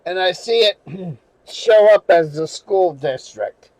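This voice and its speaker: Man from New England, slow rambling storyteller, high-pitched, swears and restarts, dry close sound. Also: expressive, a little mellow, dry recording, rough recording. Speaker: channel host. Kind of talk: casual storytelling monologue.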